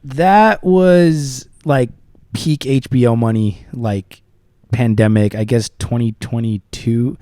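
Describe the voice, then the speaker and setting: A man in his thirties, a podcast host and musician from the southern United States, chatting casually and telling lively stories with loud excited bursts and soft asides. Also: mid-range voice, slow, dry recording, clean studio sound. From Southern US, Tampa. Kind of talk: casual chat.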